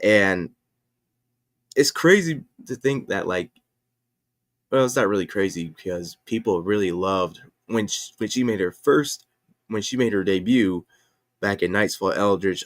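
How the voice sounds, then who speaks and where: A man's voice: deep voice, unhurried, no echo, studio quality. A man chatting casually on his livestream, rambling and often correcting himself with lots of fillers. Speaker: livestream host and comic creator.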